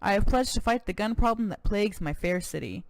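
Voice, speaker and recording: A let's-play narrator voicing a brash, folksy male cowboy governor who drawls and boasts loudly. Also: mid-range voice, expressive, brisk, no room sound, natural voice.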